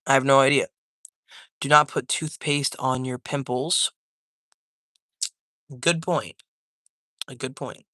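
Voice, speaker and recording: Young male streamer, laid-back rambling chatter, dry mic, mid pitch. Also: steady tone, takes it slowly, long pauses, sharp tone, dry recording. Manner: loose, rambling, slangy, calls chat man, dude, bro. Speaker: livestreamer reading chat. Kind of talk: casual livestream chat. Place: at home with his cat.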